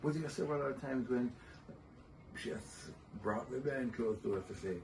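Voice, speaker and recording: An older man sharing fatherhood stories in an interview, gentle and measured, chuckling often. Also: medium pitch, gravelly. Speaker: guest. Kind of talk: reflective interview storytelling. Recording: somewhat distant mic with faint noise.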